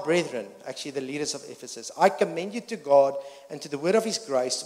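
A man's voice: fairly high pitch, darkish tone. A man preaching a sermon as pastor, earnest and full of restarts and fillers, building to emphatic peaks. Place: church hall. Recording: long reverb of a church hall.

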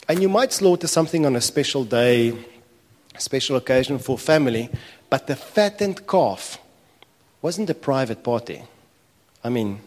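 A man preaching a sermon, telling a parable with animated, acted-out voices. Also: medium pitch. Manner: animated storytelling, acting out characters' complaints. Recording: echoey hall reverb.

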